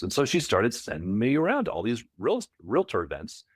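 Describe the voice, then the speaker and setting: A man who coaches property managers, a podcast guest telling stories in a casual interview, animated and often repeating words as he restarts. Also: lowish voice, quick pace, few pauses, no room sound, clean studio sound. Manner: animated, repeats words, acts out quoted voices.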